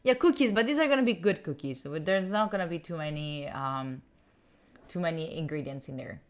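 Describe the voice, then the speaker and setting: Streaming from her room at home, a young woman from Italy runs a study livestream, giggling and chatting casually as she answers viewers' questions. Her voice is low-pitched, a little fast, with lively intonation.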